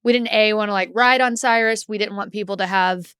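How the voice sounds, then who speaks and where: Smooth-voiced woman rambling with "like". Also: medium pitch, fairly even intonation, fairly quick, a bit bright, no room sound, clean studio sound. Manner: rambling, heavy use of "like". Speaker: co-host. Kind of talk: casual podcast chat.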